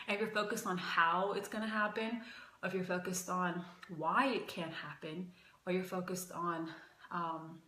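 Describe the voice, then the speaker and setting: A woman's voice: fairly low pitch, sharp tone, reverberant. A young adult woman teaching as a life coach in a casual livestream, talking emphatically and repeating phrases, a bit out of breath.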